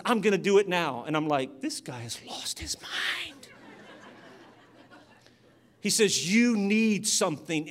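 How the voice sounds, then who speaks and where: A man preaching a sermon, telling a personal story with animated delivery and acted-out voices. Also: high-pitched. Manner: animated, acts out voices in his stories. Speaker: pastor.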